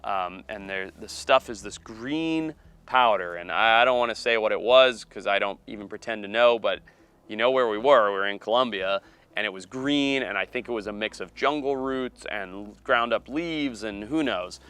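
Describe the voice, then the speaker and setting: A man, a wildlife biologist and TV host, telling a story in a casual, animated way. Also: on the low side, moderate pace, smooth. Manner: animated, acts out quoted voices.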